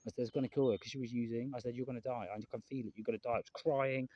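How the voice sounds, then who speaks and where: Earnest, fast-talking man. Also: medium pitch, steady tone, darkish tone, no echo, lo-fi sound. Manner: emotional, earnest, repeats himself, swears. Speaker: vlogger. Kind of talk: casual rambling monologue to camera.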